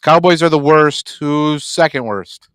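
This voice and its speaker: A man's voice: fairly high pitch, a little slow, a bit bright, clean tone, no room sound. A man co-hosting a casual sports podcast, steering the talk and reading out chat messages. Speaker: podcast co-host.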